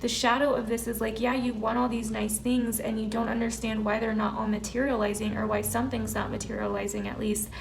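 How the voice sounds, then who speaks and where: Woman, tarot reader, earnest and emphatic, slightly high voice, gravelly. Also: level tone, a little fast, few pauses, a little hiss or hum. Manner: earnest, emphatic, filler-heavy. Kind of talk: casual spiritual reading to camera.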